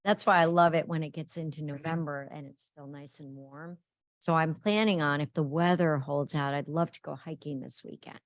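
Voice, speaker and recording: A woman's voice: low voice, fairly even intonation, normal speed, dry recording. A woman co-hosting a webinar, chatty and playful, teasing her colleague over a video call. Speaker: webinar co-host. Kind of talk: casual chat opening a webinar.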